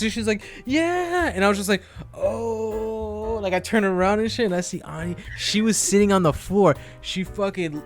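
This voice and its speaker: A young man telling a story in casual podcast chat, swearing freely and packing his talk with fillers. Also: high-pitched. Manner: profane, animated storytelling with many fillers. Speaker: podcast co-host.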